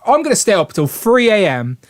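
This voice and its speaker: A man's voice: high voice, big pitch swings, brisk. A man hosting a toy review livestream in casual, jokey chat, laughing often.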